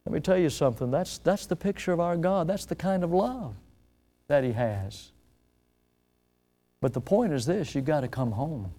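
At an evening church service, a pastor delivers a sermon, telling a story with drama as his voice swells loud and then falls soft. He slows down to lean on key words, and his fairly high-pitched voice carries lively intonation.

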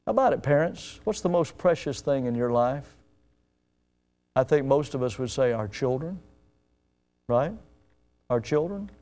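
A man preaching a sermon to his congregation. He is emphatic, rising to loud peaks and dropping to hushed asides, and often asks his listeners direct questions. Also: mid-range voice, expressive, measured pace, long pauses. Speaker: pastor.

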